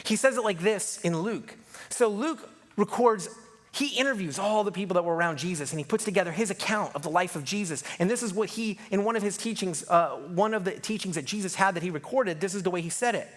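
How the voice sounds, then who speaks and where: Guy preaching, pretty high voice, chatty and jokey, does little voices for people. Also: a little fast. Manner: conversational, jokey, acts out quoted voices. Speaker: pastor. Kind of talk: sermon.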